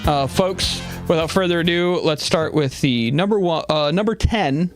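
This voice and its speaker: A man's voice: on the high side, normal speed, no room sound. Male comedy show host, loose storyteller, music bed under him. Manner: rambling, playful storytelling. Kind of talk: comedic talk show riffing.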